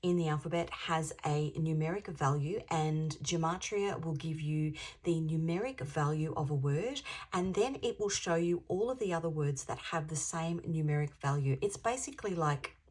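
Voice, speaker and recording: A woman with a low, husky voice gives a channeled tarot reading to camera. She talks in a chatty, rambling way and now and then drops into a whisper to drive a point home. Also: measured pace, a little mellow. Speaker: intuitive tarot reader.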